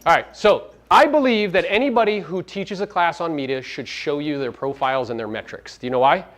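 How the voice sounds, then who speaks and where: A man's voice: a little high, a little fast, fairly bright tone. A middle-aged man giving a brash, profane seminar talk, firing rhetorical questions at his audience. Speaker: real estate business owner giving a media talk.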